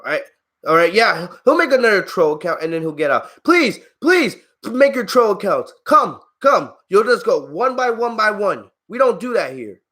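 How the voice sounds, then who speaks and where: A man's voice: high voice, very animated, normal speed, bright, forceful tone. A man hosting a live-stream wrestling review, ranting in an exasperated, heated way at viewers in his chat, swearing freely and laughing at them. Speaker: wrestling channel host.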